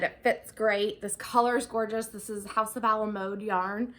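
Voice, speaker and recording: A woman's voice: medium pitch, steady tone, normal speed, a bit bright. A young woman hosting a knitting podcast in a casual, chatty way, full of ums, a bit out of breath. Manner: chatty, bubbly, many ums. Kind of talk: casual video podcast chat.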